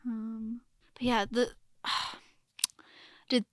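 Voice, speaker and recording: A woman with a slightly high voice chats on a podcast about a drama, animated and full of fillers. She acts out the characters' lines as she goes. The sound is dry and close, with no room around it. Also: very slow, no echo. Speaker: podcast co-host.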